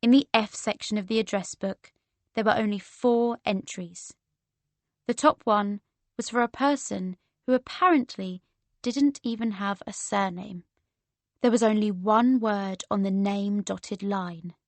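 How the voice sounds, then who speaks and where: A woman narrating a romance audiobook in the first person, in a measured storytelling manner. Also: mid-range voice, fairly even intonation, dry recording.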